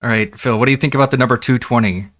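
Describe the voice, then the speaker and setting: A man's voice: mid-range voice, racing, no room sound, clean studio sound. A man streaming live, chatting casually and laughing with an AI chatbot. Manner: laughing, relaxed, playful. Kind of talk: casual livestream chat.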